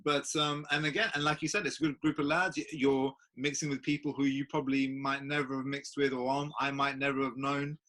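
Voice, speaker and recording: A young man hosting a casual chat, talking with hesitant pauses and fillers. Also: mid-range voice, flat delivery, fairly bright tone. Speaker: podcast host.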